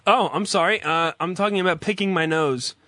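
Brisk, pushed and bright, this high-voiced radio host rambles through a crude call-in monologue with no room sound. He swears constantly and pokes fun at himself.

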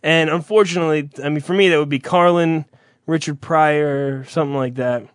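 A young man telling stories in a relaxed chat, cursing freely and slipping into quick impressions of the people in them. His voice sits high for a man. The sound is close and dry, with no room around it. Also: clean tone, no room sound. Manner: rambling storyteller, swears freely, acts out voices. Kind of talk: casual chat.

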